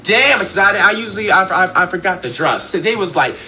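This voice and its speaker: Young guy rambling thru a school story, slangy, high bright voice. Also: lively intonation, fast talker, faint music behind. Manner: rambling, slangy, with lots of restarts and acted-out quotes. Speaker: streamer telling a story. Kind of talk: casual storytelling.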